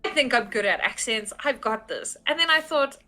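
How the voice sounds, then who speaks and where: A woman, a game master guesting on a podcast, talking in an animated, rambling way with frequent "like"s and self-mocking laughs. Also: on the high side, moderate pace. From South Africa. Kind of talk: casual interview chat.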